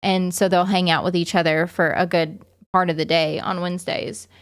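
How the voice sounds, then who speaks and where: A woman's voice: fairly low pitch, little pitch movement, moderate pace, smooth, no echo. Rambling woman chatting casually, dry sound. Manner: rambling, many fillers and restarts. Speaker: vlogger and parent. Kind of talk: casual chat to viewers.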